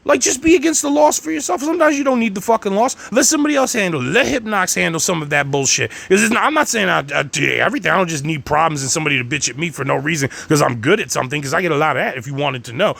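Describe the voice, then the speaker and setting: A man's voice: fairly high pitch, gravelly, bright, forceful tone. A man delivering a heated, rambling rant monologue, swearing constantly as he talks. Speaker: channel host.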